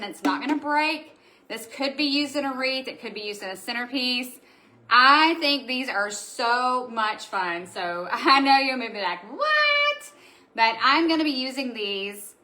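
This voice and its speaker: A woman chats through a casual live stream from her home. She gushes over each item and answers viewer comments. Her voice is bright and forceful, and sits a little high. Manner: gushing, chatty, reads out viewer comments. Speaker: host of a live craft supply show. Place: indoor room at home.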